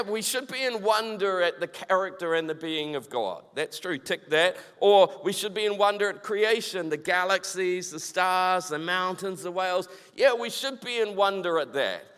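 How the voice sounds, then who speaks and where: A man's voice: high voice, fairly bright tone, clear, resonant tone. A man preaching an informal, conversational sermon, acting out back-and-forth dialogue as he goes. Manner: informal, acts out quoted prayers and replies in dialogue. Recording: long reverb.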